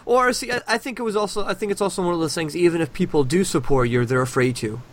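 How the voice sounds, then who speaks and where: A man hosting a casual podcast conversation, opinionated and animated, often restarting his sentences. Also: high-pitched, fast talker. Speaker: podcast host.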